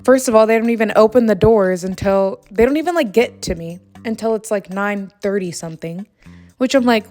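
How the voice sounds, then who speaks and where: Late at night at home, a young woman vlogger plays a game while telling a story in a long, exasperated, rambling rant full of fillers. Her medium-pitched voice is fairly quick with a darkish tone, and faint music plays behind her.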